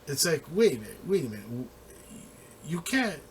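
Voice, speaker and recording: A man's voice: a little high, big pitch swings, a little fast, a little hiss or hum. A man giving casual postgame football commentary, rambling with many restarts and laughing often.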